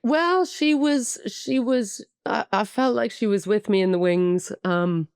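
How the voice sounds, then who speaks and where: A woman's voice: medium pitch, measured pace, darkish tone, clean tone, no echo, clean studio sound. A middle-aged woman with an Irish accent, a guest actress talking candidly and chattily in a podcast interview, self-deprecating and full of "um"s. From Ireland.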